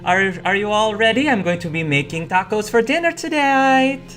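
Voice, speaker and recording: A man's voice: expressive, normal speed, faint music behind. A man voicing a cheerful mother calling home to her family. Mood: cheery. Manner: high, bright sing-song calls.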